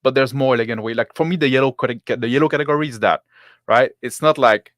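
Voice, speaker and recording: A man who is not a native English speaker, a game master and host, talking casually in a halting way with many restarts and slips in grammar. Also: mid-range voice, fairly bright tone, no echo, studio quality. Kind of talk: casual discussion.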